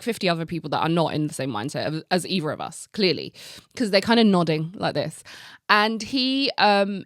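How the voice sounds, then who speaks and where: A woman hosting a podcast, telling a story in a casual, animated way, full of "like" and acted-out reactions, with some casual swearing. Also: mid-range voice, no room sound, studio quality. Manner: animated, heavy use of "like", acts out her own reactions. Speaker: podcast host.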